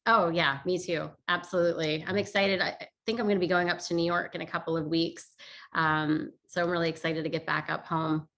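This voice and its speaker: A woman in her forties with a mild New Jersey accent chats in a friendly way and readily agrees. Her voice is low for a woman, bright and forceful. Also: fairly even intonation. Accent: New Jersey, softened. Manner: friendly, agreeable, quick to laugh along. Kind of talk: casual chat.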